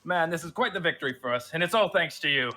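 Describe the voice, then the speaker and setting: A man's voice: on the high side, lively intonation, quick pace, bright, forceful tone, voice pushed up. A man voicing a jovial, boisterous army general in a tabletop game, hearty and effusive.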